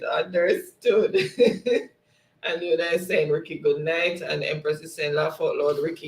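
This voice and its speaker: A man's voice: on the high side, echoey room, low-quality recording. A man hosting a casual livestream, reading viewers' comments aloud in a friendly way and laughing often. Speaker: livestream host.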